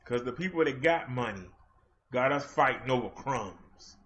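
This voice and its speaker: This man speaks in a mid-range voice at a normal pace, animated and with a fairly bright tone. Hosting a livestream, he goes on a fiery rant and confronts his chat head-on. The sound is dull lo-fi stream audio.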